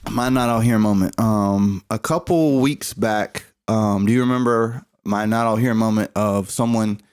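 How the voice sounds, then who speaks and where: A man's voice: on the low side, a little slow, darkish tone, clear, resonant tone. A young man co-hosting a podcast, talking casually and filling his sentences with ums and likes. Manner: laid-back, lots of likes and ums. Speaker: podcast co-host. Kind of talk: casual chat.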